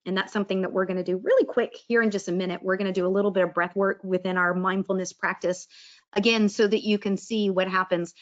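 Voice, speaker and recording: Woman presenter chatting thru a wellness talk, acts out little voices, mid pitch, bit dull sound. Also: fairly even intonation, quick pace. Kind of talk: casual presentation on mindfulness.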